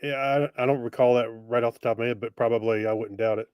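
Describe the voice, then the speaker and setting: Man, podcast co-host, easygoing, mid pitch, dry sound. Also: steady tone, quick pace, clean tone, dry recording, dull audio. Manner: easygoing, brief backchannels and laughs. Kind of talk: casual chat.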